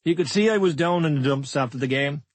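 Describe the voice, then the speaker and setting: Guy reading a memoir audiobook, blunt and plain, slightly high husky voice, dry booth sound. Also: fast, no room sound. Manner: blunt, plain-spoken, matter-of-fact. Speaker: audiobook narrator.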